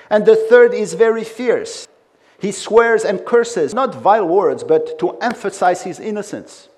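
A man's voice: sits high, expressive, normal speed, a little mellow. A man preaching a sermon with emphatic delivery and frequent conversational asides.

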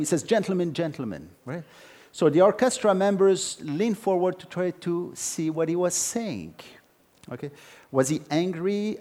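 Brief: male preacher, fairly high-pitched, emphatic, sermon delivery with storytelling asides. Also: a little mellow. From Jewish background, no country stated.

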